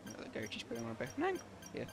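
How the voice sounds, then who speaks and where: A man giving live commentary on an online racing league stream, with many ums and quick self-corrections. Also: very high-pitched, huge pitch swings, creaky, loud music behind the voice.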